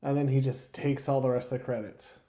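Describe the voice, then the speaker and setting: A man's voice: medium pitch, fairly even intonation, brisk, mellow, roomy sound. A man narrating as game master of a tabletop role-playing game, with laughing, rambling asides.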